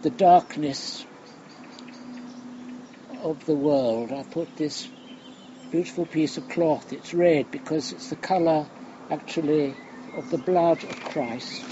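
An older man preaching a sermon, slow and reflective, sinking to a hush on key phrases. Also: on the high side. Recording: muffled recording with background noise.

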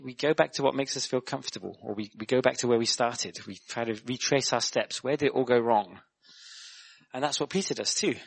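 Young male preacher, mid-pitched, chatty and animated, asks the listeners questions. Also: slightly rough. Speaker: guest preacher. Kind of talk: sermon.

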